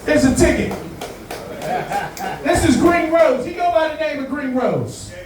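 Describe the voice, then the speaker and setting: A man hosting a live community event, talking casually to the crowd in a profane, joking, animated way. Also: very high-pitched, a little slow. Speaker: event host. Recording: very echoey room, far from mic, audible background noise.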